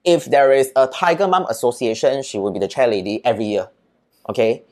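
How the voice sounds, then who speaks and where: A man with a Singaporean accent, a podcast guest, telling childhood stories in a lively, chatty way and often adding "right?" and "lah". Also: medium pitch, a little fast. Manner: animated storyteller, peppers speech with "right?" and "lah". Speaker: interview guest. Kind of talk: casual storytelling in an interview.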